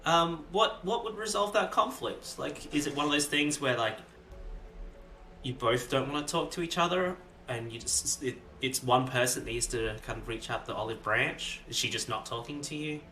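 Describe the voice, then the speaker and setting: Bright-voiced man rambling in a game. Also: medium pitch, moderate pace, reverberant, faint music behind. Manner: rambling, full of fillers and laughs. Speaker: player. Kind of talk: casual tabletop role-play.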